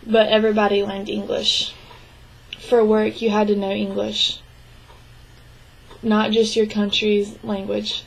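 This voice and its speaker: A young woman interpreting a signed interview into spoken English, speaking in short, halting phrases with restarts and frequent throat clearing. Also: medium pitch, completely flat delivery, poor audio. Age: young adult. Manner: clears her throat often. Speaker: sign language interpreting student.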